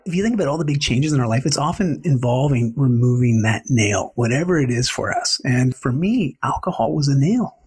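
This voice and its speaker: Animated man with a husky voice. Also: medium pitch, a little fast, hardly any pauses. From Canada. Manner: animated, expressive storyteller. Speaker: guest. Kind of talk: conversational interview storytelling.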